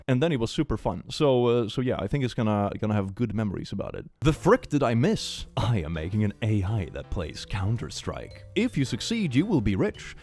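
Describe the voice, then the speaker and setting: A man giving casual reaction commentary as a streamer, animated, often exclaiming and laughing. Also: lowish voice.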